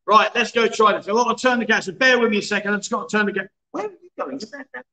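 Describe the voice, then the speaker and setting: A man's voice: sits high, rapid-fire, bright, forceful tone. Chatty man hosting a livestream. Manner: chatty, joking, reads viewer comments aloud. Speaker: livestream host. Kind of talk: casual livestream chat.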